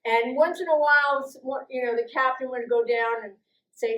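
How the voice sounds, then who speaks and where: A middle-aged woman telling a personal story, lively and acting out the voices of the people in it. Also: moderate pace, reverberant, rough recording. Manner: lively, acts out quoted voices with big jumps in pitch and loudness. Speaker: storytelling guest speaker.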